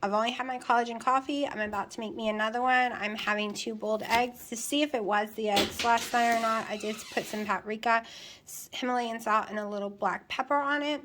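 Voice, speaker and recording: A woman's voice: fairly high pitch, fairly even intonation, a little fast, background noise. A woman with a country American accent, chatting candidly and bluntly to the camera at home in a casual vlog, repeating things for emphasis. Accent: rural American country. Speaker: keto weight-loss vlogger. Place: at home, indoors. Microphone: camera on a tripod with a light.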